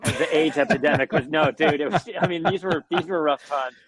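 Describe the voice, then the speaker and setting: A guest musician, a man with a slightly high, brisk voice, rambles through a long story in a casual interview, swearing and restarting often with plenty of fillers. A noisy crowd sits behind him, and the recording is rough.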